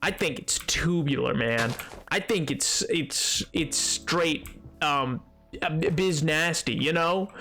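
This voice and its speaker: Guy with a pretty high voice rambling and joking on stream, faint music underneath. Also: takes it slowly, pushed and bright. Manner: rambling and jokey, trips over his own words. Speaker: game streamer. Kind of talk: casual live-stream chat.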